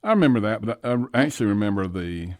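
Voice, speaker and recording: A man, a charity co-founder, reflecting slowly in a podcast interview, often restarting his sentences. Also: on the low side, animated. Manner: halting, soft-spoken, restarts his sentences.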